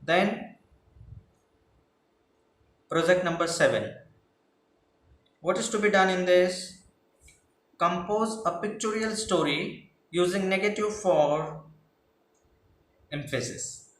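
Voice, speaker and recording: A man's voice: high voice, slow pace, pauses often. A male teacher, patiently explaining class projects and rephrasing each point. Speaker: English teacher. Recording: echoey room with faint noise.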